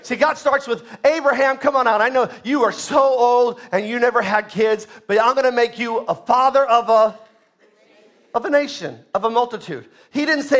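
Man, preacher, very high voice, fervent sermon, shouting emphasis. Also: moderate pace.

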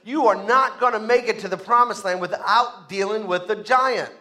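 A man's voice: sits high, normal speed, pushed and bright. A male pastor preaching a sermon, with emphatic repetition and call-and-response to the congregation.

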